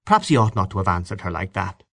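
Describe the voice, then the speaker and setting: A low-voiced man narrates a literary story at a measured pace. His pitch rises and falls widely through the sentences. The recording is close and dry. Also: gravelly, no room sound. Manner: measured, expressive literary reading. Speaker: audiobook narrator. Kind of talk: scripted narration.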